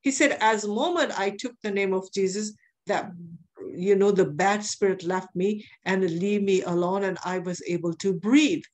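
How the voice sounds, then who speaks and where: A woman's voice: medium pitch, normal speed, a little mellow. A woman preaching a sermon, telling a testimony in an earnest way and repeating phrases for emphasis.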